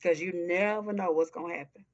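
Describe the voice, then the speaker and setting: A woman's voice: on the low side, steady tone, darkish tone. Southern woman in her forties, interview guest, heartfelt and emphatic, dull lo-fi sound. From Texas. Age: early 40s. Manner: earnest, heartfelt, slow and emphatic. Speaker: guest, nonprofit founder. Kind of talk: interview conversation. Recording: dull lo-fi audio.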